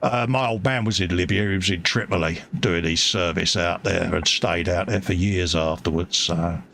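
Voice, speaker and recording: A man's voice: deep voice, normal speed, gravelly, a bit bright, slight background noise. A man with a Cockney accent hosting a casual live model-building stream, chatty and matey, reading out viewer comments. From England. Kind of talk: casual chat. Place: home hobby workbench.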